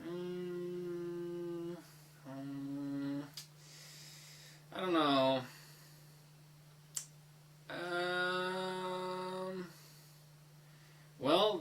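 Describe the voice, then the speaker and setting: A man's voice: fairly high pitch, a bit bright, a little hiss or hum, rough recording. A young man giving a casual, rambling spoken review, full of fillers, restarts and swearing. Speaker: anime reviewer.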